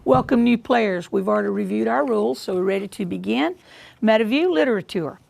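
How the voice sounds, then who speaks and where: A woman hosting a school quiz show, reading questions in a measured way and repeating them deliberately. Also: mid-range voice, vocal fry, a little mellow.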